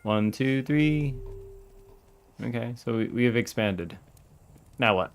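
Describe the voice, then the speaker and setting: A man giving casual let's-play commentary as he streams a game, excitable and yelling at the characters in mock outrage. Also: mid-range voice, takes it slowly, clear, resonant tone.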